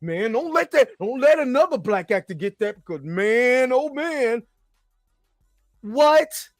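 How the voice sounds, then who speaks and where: A man's voice: very high-pitched, very animated, moderate pace, no room sound, clean studio sound, faint music behind. A man hosting his own show, ranting animatedly about pop culture, repeating himself and swearing. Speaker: show host.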